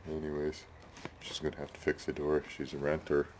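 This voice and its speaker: A man's voice: rumbling low, completely flat delivery, brisk, a little mellow, slight background noise. A man rambling casually about his neighbors and his hobby build in his workshop, tagging sentences with "eh". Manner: rambling, chatty, tags sentences with "eh". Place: home workshop shed.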